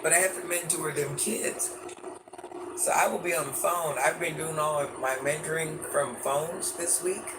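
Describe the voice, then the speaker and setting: A woman with a naturally deep voice, hoarse and losing it, chatting casually with viewers on a live stream and greeting them by name. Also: moderate pace. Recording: noisy background hiss.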